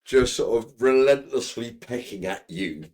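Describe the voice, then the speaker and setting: A man's voice: mid-range voice, lively intonation, a little slow, a little mellow. A man co-hosting a casual chat, rambling and piling on filler phrases. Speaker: co-host.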